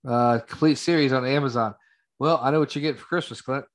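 A man's voice: medium pitch, a little fast. A man co-hosting a casual podcast chat, teasing his friends dryly and steering the talk along. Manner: dry teasing, steers the conversation. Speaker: podcast co-host.

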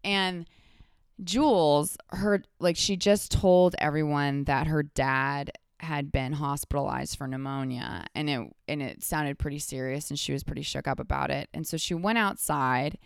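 A woman with a lowish, smooth, resonant voice. As a podcast guest she rambles through animated stories, stumbling and restarting as she goes. The sound is close and dry, with no room. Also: a little slow, no room sound. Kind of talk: casual chat.

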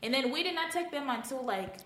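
High-voiced giggly woman, roomy sound. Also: animated, quick pace, fairly bright tone. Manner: giggly, chatty, fillers like "like". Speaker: podcast co-host. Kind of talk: casual storytelling chat.

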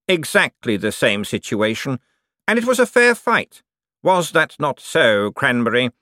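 A man voicing a calm, kindly menacing schemer. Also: medium pitch, measured pace, no room sound, studio quality, voice pushed up. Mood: smoothly kind. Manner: soft, smooth and condescending. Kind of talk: audiobook character voice.

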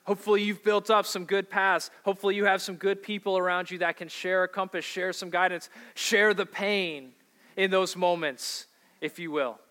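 A man's voice: high-pitched, steady tone, moderate pace, pushed and bright. A man preaching a sermon as a pastor in a conversational way, asking the congregation questions.

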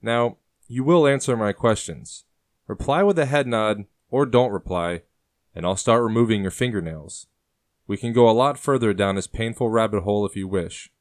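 A man doing a reckless young colonial killer, deep low voice, calm and chilling, speaking in a dry close room. His threats come out slow and even, and his words to his uncle stay steady. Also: no echo, natural voice. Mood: cold menacing. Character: young male colonial assassin, cold and reckless.

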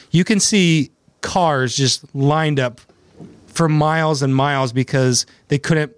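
With no echo on his medium-pitched voice, an attorney who hosts a legal podcast talks casually into a studio microphone. His tone is sarcastic, and he laughs at the story he's telling.

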